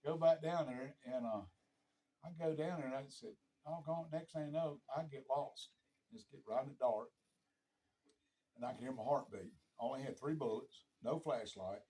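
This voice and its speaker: A man's voice: mid-range voice, moderate pace, mellow, slightly rough, poor audio. A middle-aged man telling a hunting story in casual chat, acting out the quoted voices and laughing often.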